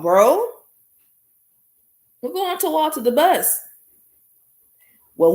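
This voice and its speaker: A woman's voice: medium pitch, roomy sound. A woman, telling a story to her listeners in a blunt, casual podcast monologue. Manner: animated, blunt, addresses listeners as y'all. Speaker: podcast host.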